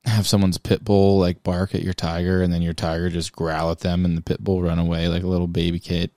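A man with a low, mellow voice co-hosts a podcast in loose, playful chat. He sounds tired and rambles a little. The sound is dry and close, with faint music underneath. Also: level tone, a little fast, no room sound. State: tired, yawning. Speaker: podcast co-host. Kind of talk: casual chat.

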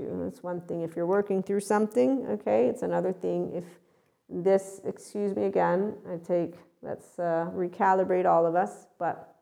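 A woman spiritual teacher with a low, gravelly, mellow voice, speaking bluntly in a channeled spiritual talk. She swears freely and slips into acted voices to make her points.

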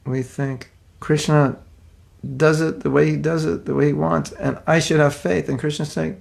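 A man preaching in a loose, conversational way, trading personal stories with self-deprecating humor. His voice sits a bit high for a man and has a gravelly, creaky texture. He stumbles and restarts often as he talks. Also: level tone, moderate pace. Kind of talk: informal sermon with personal stories.

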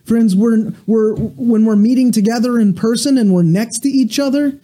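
Bright-voiced earnest man preaching. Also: extremely high pitch. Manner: earnest, halting restarts, animated storytelling. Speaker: pastor. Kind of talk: sermon with prayer and a told joke.

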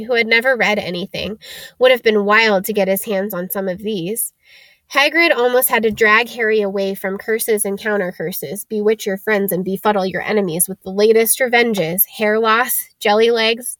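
A woman reading a storybook aloud as narrator, in a steady, unhurried storytelling way. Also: mid-range voice, no echo.

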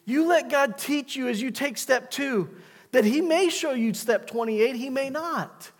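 Middle-aged man, pastor preaching, high voice, repetitive urging, long church reverb. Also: measured pace. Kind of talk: sermon. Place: church sanctuary.

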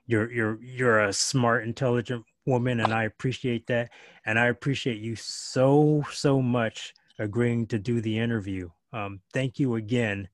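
A man's voice: medium pitch, steady tone, measured pace, dry recording, clean studio sound. A man hosting a podcast, effusive and gracious, often repeating his words as he thanks his guest and signs off. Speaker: podcast host. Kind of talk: casual interview talk.

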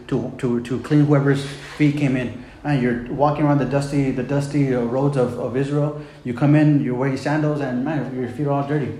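In an echoey room with faint background noise, a man gives a sermon in a mellow, medium-pitched voice. His delivery is conversational, peppered with "man" and "right?", and he retells scripture in simple everyday words.

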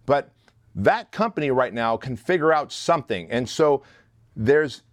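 A man speaks in a blunt, animated, profane storytelling voice with a mid-range pitch. The sound is close and dry, with no room around it. He talks as a guest on an interview show. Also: unhurried, no room sound. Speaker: guest, leadership instructor.

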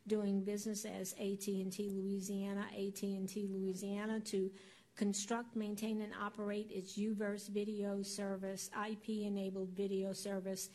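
A woman working as a council clerk, reading agenda items aloud in a formal, even tone. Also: mid-range voice, normal speed, poor audio.

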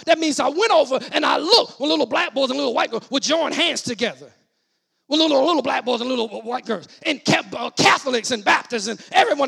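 A middle-aged man from New preaching a sermon in church, with call-and-response lines and shouted peaks. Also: very high-pitched, expressive, fast talker, gravelly. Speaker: pastor.

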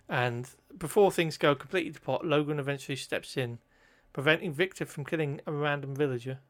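A man's voice: a little high, fairly bright tone. A man co-hosting a casual podcast, recapping a film plot in a wry, chatty way with plenty of ums.

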